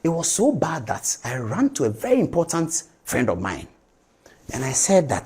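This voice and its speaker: A man with a Ghanaian accent hosting a TV talk show, emphatic and animated, reading documents aloud and commenting on them. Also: on the high side, normal speed, slightly rough.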